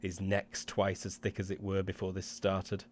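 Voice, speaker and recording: A relaxed man runs a tabletop game, narrating grisly changes and rules in a loose, joking way. His voice sits on the low side, and a faint hum runs under the recording. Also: normal speed. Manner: laid-back, laughs easily, swears casually. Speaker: game master. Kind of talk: running a tabletop game and signing off.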